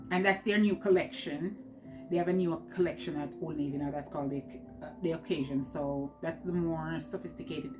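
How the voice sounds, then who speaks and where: A woman with a Jamaican accent talking through a clothing haul in a chatty, rambling way, laughing often, seated at home. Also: low-pitched. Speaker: vlogger. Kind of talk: casual haul vlog.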